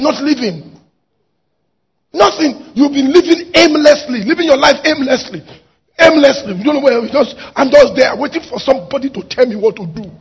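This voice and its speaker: A pastor preaching a sermon, swinging from shouted exhortation to quiet asides. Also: male voice, extremely high pitch, vocal fry, husky. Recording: dull lo-fi recording.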